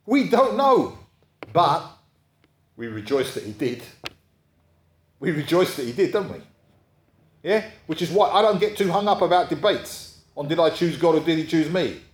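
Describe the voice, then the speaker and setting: A man's voice: a little high, animated, moderate pace, long pauses. A man preaching a sermon, talking in a conversational way and often checking in with his listeners. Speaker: pastor. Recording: echoey room.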